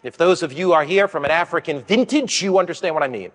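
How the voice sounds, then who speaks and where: An older man preaching a sermon, an animated storyteller who acts out the voices of children and other people in his stories. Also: fairly high pitch, fast. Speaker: pastor. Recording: long hall reverb.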